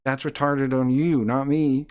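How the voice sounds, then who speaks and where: A man's voice: medium pitch, level tone, measured pace, darkish tone. A man live-streaming who reads chat messages aloud and taunts a viewer in a combative way.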